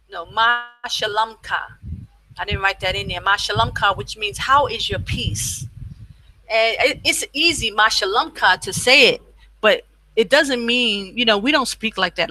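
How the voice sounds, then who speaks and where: A woman's voice: medium pitch, bright, forceful tone, no room sound, rough recording. A woman teaching a casual beginner language lesson, repeating each phrase for learners and adding chatty, informal asides.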